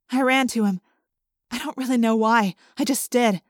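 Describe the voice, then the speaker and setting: Dry, expressive audiobook narrator, a woman. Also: normal speed, dry recording. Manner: expressive, lifting pitch for dialogue. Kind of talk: audiobook reading.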